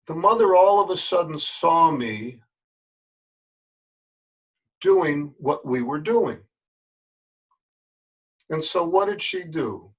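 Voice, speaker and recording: A man's voice: medium pitch, breathy edge. An older man, a yoga teacher, talking straight to his listeners in a folksy, earnest way and repeating words for emphasis. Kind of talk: spoken address to camera.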